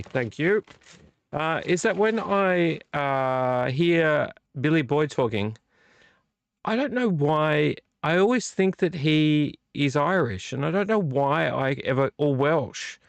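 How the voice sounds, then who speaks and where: A man's voice: medium pitch, vocal fry, no room sound. A man hosting a casual live stream, chatty and rambling, a bit tipsy from beer. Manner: rambling, chatty, self-deprecating. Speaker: livestream host.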